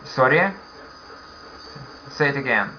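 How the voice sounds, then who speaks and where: A man's voice: medium pitch, lively intonation, takes it slowly, slight background noise. A man with a Russian accent teaching a beginner English class online, patiently repeating questions for his learners. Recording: dull lo-fi online call audio.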